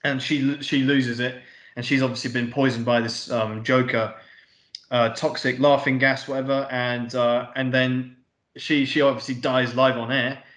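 A man's voice: medium pitch, little pitch movement, normal speed, a bit bright. A man co-hosting a podcast, casually retelling a film scene by scene in loose paraphrase with frequent swearing. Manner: rambling retelling with offhand paraphrased dialogue and swearing. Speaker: podcast co-host. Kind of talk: casual film recap chat. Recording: roomy echo.

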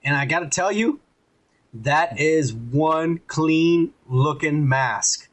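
A man's voice: on the high side, takes it slowly. A man co-hosting a podcast, recapping an episode in a rambling, crude, profane way and putting on mocking voices for the characters. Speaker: podcast co-host.

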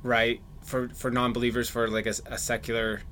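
Man co-host, thoughtful and earnest, restarts a lot, ordinary middle pitch. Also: level tone, normal speed, crowd noise. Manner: earnest and reflective, with frequent restarts. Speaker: podcast co-host. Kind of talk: casual chat.

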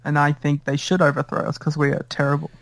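A man hosting a wrestling podcast, easygoing and quick to laugh in casual banter. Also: fairly high pitch, completely flat delivery, creaky, no room sound. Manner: giggly, easygoing. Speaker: podcast host.

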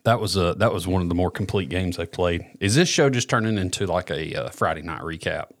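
Guy on a podcast, lowish voice, jokey and laughs a lot. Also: a little fast, no echo, studio quality. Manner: laughs often, teasing. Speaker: podcast co-host. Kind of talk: casual chat.

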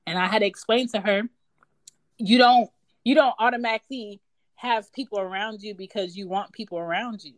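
Thirties mother from Philadelphia, frank and unfiltered, ordinary pitch, conversational. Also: a little fast, dry recording. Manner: candid and blunt, with casual swearing. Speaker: mother of daughters. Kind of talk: casual chat.

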